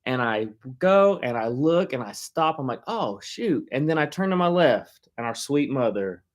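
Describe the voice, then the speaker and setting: A man preaching in a relaxed, conversational way, speaking at an ordinary middle pitch. He tells a story with animated delivery and keeps chuckling. His talk is loose and full of filler words. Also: normal speed. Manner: casual, many "like" fillers. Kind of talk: conversational sermon.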